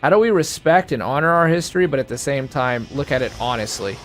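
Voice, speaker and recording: A man's voice: mid-range voice, expressive, quick pace, a bit bright, a little hiss or hum. A man co-hosting a gameplay video, rambling earnestly in casual chat and swearing freely. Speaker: let's play co-host. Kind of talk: casual chat while gaming.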